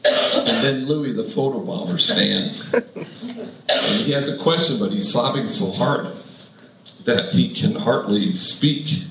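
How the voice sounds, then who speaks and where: A man's voice: mid-range voice, very animated, takes it slowly, gravelly, reverberant, background noise. A man, a priest, giving a storytelling sermon, wry at first and then earnest.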